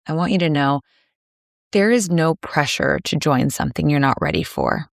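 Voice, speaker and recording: A woman hosting a solo podcast, speaking in a gentle, soothing, measured way with pauses. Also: low voice, big pitch swings, creaky, no room sound, clean studio sound. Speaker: podcast host. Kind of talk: reflective solo podcast monologue.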